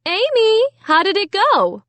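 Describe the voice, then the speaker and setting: A woman's voice: extremely high pitch, huge pitch swings, measured pace, fairly bright tone, no room sound, pitched above the performer's own voice, full character voice. A woman voicing a mother who calls out to her daughter from another room. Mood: calling.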